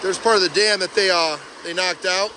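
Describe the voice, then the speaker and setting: A man vlogging outdoors by a pond, chatty and excited as he narrates while walking with a handheld phone. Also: high voice, a little hiss or hum. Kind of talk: casual outdoor vlog commentary. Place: outdoors by a pond and beaver dam. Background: rushing water.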